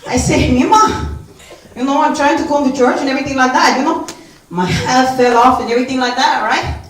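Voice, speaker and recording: A woman's voice: fairly quick, a little hiss or hum, natural voice. Woman doing a brash young Puerto Rican club-goer. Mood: chatty. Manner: lower and softer, street talk with constant "you know". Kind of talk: one-woman stage comedy. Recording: echoey stage from far off.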